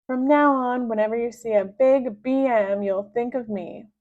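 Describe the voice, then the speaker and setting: A woman voicing a bratty, pompous boy villain who barks orders in a high, slow, drawn-out voice. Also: lightly acted. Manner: high, loud, drawn-out commanding delivery. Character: pompous bratty boy turned bossy supervillain. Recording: dull low-fidelity sound.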